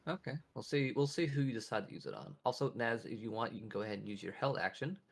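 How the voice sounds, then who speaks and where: A man runs a tabletop game session in a loose, chatty way and laughs often. His voice is gravelly and his pitch moves a lot. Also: expressive, fast talker. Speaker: game master. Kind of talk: running a tabletop game, casual.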